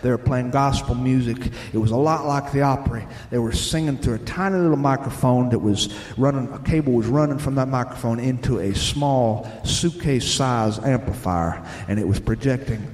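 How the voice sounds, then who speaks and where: A man, telling plainspoken, gently humorous stories live on a theater stage. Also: mid-range voice, normal speed, hardly any pauses. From Southern United States. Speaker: storyteller and radio host. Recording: echoey live theater with long reverb.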